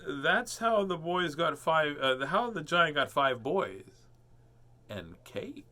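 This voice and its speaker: Animated man reading picture books aloud. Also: fairly high pitch, slow. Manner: chatty, animated, with dramatic giant lines. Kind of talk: storybook read-aloud with chat.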